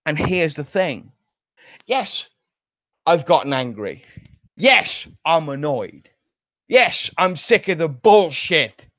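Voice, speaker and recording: A man delivering an angry, profane ranting monologue with drawn-out emphatic delivery. He sounds furious throughout. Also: fairly high pitch, very animated, a bit bright, no room sound. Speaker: online show personality. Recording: dull lo-fi dry recording.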